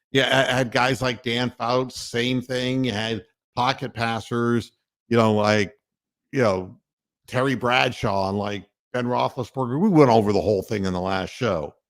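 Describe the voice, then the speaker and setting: A man hosting a sports radio show, delivering a heated, profane and sardonic rant. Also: medium pitch. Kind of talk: ranting sports talk monologue.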